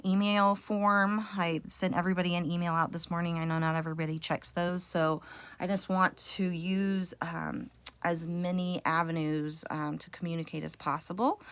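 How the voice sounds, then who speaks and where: A woman's voice: lowish voice, fairly bright tone, smooth, no echo. A woman teacher recording a mini reading lesson at home for parents and kids, explaining step by step in a patient way with frequent fillers.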